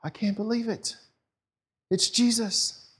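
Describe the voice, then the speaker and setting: A man voicing Peter in a sermon retelling, earnest and excitable. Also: sits high, quick pace, natural voice. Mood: amazed. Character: impulsive male disciple Peter, eager.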